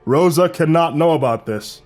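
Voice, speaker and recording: A man's voice: on the high side, moderate pace, a little mellow, soft background music, close to an everyday voice. Guy voicing a breezy joking young dude, slightly raised voice, storybook read. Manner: breezy and wisecracking. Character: joking, unflappable young man. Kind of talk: storybook voice acting.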